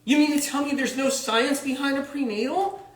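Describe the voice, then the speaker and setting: A man's voice: very high voice, normal speed, slight background noise, voice pushed up. A man voicing an anxious pregnant woman who phones her doctor and questions him in shocked, indignant disbelief. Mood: alarmed, indignant. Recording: roomy echo.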